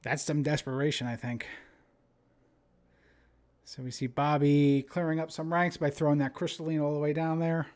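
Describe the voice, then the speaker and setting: A man's voice: on the high side, little pitch movement, moderate pace, long pauses, darkish tone. A young man with a New Jersey accent giving chatty, casual live-stream commentary on a card game. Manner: casual, chatty, with frequent fillers and restarts.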